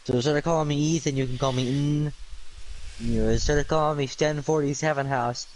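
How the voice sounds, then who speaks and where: A man's voice: a little high, steady tone, a little fast, darkish tone, a little hiss or hum, low-quality recording. A tired man streaming late at night, rambling through goofy wordplay with lots of ums and uhs. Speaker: livestreamer.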